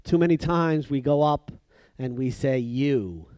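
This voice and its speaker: A man preaching a sermon who acts out the voices in the story he tells, swinging between loud emphatic bursts and soft hushed lines. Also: mid-range voice, a little slow, no room sound.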